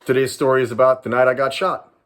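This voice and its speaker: A man in his sixties from Southern California, a retired police sergeant and private investigator, telling a personal story to camera in an animated, dramatic way. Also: medium pitch, fast talker. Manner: animated, dramatic storyteller who acts out voices and laughs.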